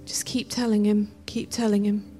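A woman leading a congregation in prayer and preaching, speaking gently and often dropping to a whisper as she prays. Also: medium pitch, level tone, normal speed, faint music behind. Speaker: worship leader and preacher. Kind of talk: sermon with guided prayer.

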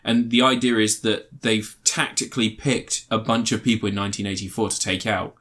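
A man's voice: on the low side, a little fast. A man hosting a podcast, chatting casually about films and acting out scenes with funny voices. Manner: animated storyteller, acts out film scenes with funny voices and laughter. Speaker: podcast host.

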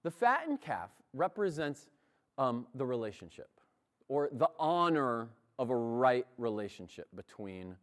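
A man's voice: mid-range voice, sing-song, measured pace. A man preaching a sermon in a church, talking in a conversational way and often laughing.

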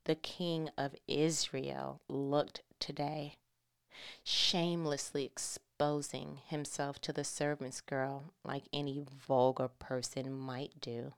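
A woman voicing a haughty royal wife who speaks slowly with drawn-out contempt. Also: extremely low pitch, flat delivery, gravelly, clear, resonant tone, pitched below the performer's own voice, heavily acted. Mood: disdainful.

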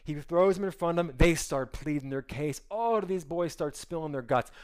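A pastor telling a scripture story to his congregation in an animated, conversational way and acting out the characters' lines. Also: on the high side, clear, resonant tone. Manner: acts out the characters' lines in quick voices; animated and conversational, with many asides.

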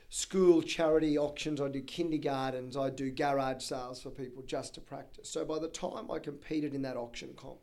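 Chatty Australian man, fairly high voice. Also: vocal fry. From Brisbane, Australia. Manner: energetic, chatty storyteller. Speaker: auctioneer guest. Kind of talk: podcast interview.

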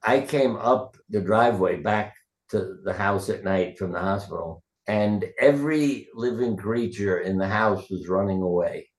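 An older man, a retired surgeon being interviewed as a guest, tells loose, rambling stories and acts out the quotes in a casual interview. His fairly low voice is unhurried and rings in a roomy echo.

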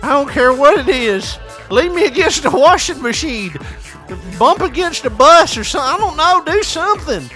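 A desperate, whiny talking penis, as a man puts it on, pleading in a squeaky, high voice pushed well above his own. He sounds loud and strained as he begs for anything at all. Music plays in the background. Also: expressive, moderate pace, heavily acted. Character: whiny needy talking penis begging for release. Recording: music playing behind.

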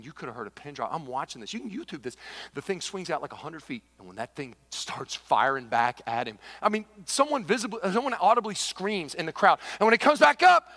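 Pastor guy mid-sermon, bright voice, big echoey hall, goes loud then real quiet. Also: medium pitch. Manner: animated storytelling, swings between loud exclamations and hushed intensity.

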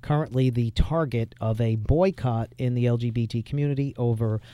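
A man's voice: medium pitch, moderate pace, warm tone, clear, resonant tone, no echo. A man hosting a radio talk show, pressing his guest with probing questions. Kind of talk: radio interview.

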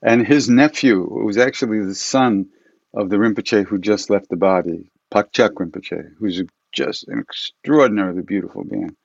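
A man who leads chanting, telling stories in a relaxed, rambling way with frequent laughs, from his home for an online event. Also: fairly low pitch, normal speed, gravelly, no echo, dull audio. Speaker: chant leader. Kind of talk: casual storytelling to an online audience. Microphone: computer mic for an online event.

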